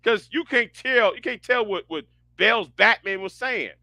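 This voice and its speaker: Lively, bright-voiced man ranting on a stream. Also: high voice, normal speed, creaky, no room sound. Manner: animated, profane, stammering restarts. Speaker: livestream host. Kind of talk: casual livestream rant.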